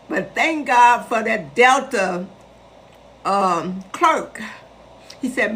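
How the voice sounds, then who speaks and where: A woman's voice: fairly high pitch, lively intonation, very slow, long pauses, fairly bright tone, slight background noise. A woman in her sixties from Chicago, telling a story to her live viewers in a chatty, emphatic way. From west side of Chicago. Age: 60s. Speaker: host addressing live viewers. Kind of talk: casual live-stream storytelling.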